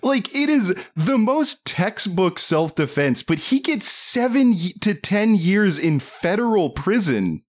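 Animated, incredulous man talking movies. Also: sits high, slow, few pauses. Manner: animated, incredulous, laughs often. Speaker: podcast co-host. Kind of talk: casual movie discussion.

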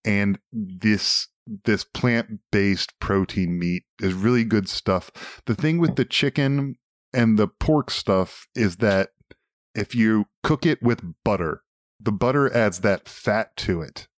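A man's voice: fairly low pitch, slow, no room sound, studio quality. A man co-hosting a casual talk show, rambling, swearing and enthusiastic. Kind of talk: casual chat.

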